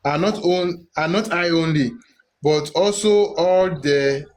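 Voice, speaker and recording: A man with a Yoruba Nigerian accent talks in a casual group discussion. His voice sits fairly high. He reads verses slowly and deliberately, then presses his argument with emphasis. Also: slight background noise. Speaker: discussion participant reading scripture.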